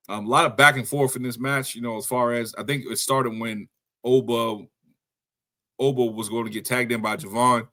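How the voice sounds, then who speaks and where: A man's voice: lowish voice, pushed and bright. A man hosting a wrestling podcast alone, recapping the show in a loose, rambling way with slangy asides to his listeners, tired after a long day. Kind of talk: casual solo show recap.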